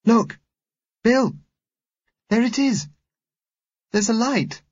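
A male audiobook reader voicing an eager, excited little girl in a high, squealing child voice. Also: a little fast, breathy edge, dull audio.

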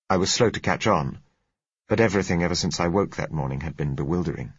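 A man narrating a novel in the first person, measured and understated. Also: deep voice, husky, dry recording. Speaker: audiobook narrator. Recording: dull, dry lo-fi recording.

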